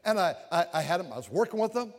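Older preacher with a high voice in a reverberant hall. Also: male voice, quick pace. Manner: animated, repetitive, swings from loud to hushed. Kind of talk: sermon. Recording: long reverb of a large hall.

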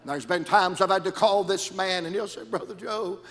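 A man preaching a sermon in a rhythmic style that swings from shouts down to near whispers. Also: high-pitched, moderate pace, long reverb tail.

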